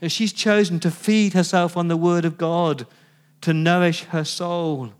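A man's voice: on the high side, fairly even intonation, unhurried, clear, resonant tone. A man giving a sermon as pastor, telling the story conversationally with rhetorical questions.

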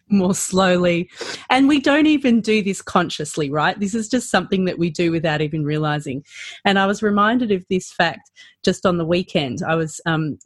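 Woman, dry close podcast voice. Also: no echo. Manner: animated, rising and falling pitch, lots of fillers. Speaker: practitioner educator. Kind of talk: podcast conversation.

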